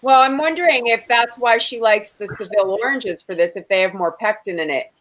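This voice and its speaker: A woman co-hosting a casual cooking chat, adding relaxed, thoughtful remarks. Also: medium pitch, a little fast, slight background noise, low-quality recording. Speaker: co-host.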